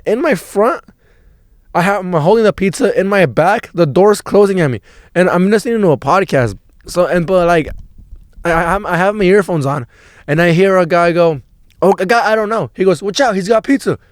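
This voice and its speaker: A young man telling a story on his podcast, swearing freely and piling on filler words as he rambles on with excitement. His voice sits a little higher than most men's. The sound is close and dry, with no room in it. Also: brisk, dry recording. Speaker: podcast host.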